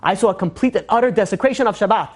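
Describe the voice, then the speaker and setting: A man's voice: sits high, rapid-fire. A man voicing a stern, rigidly strict religious father who speaks indignantly. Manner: indignant, unbending.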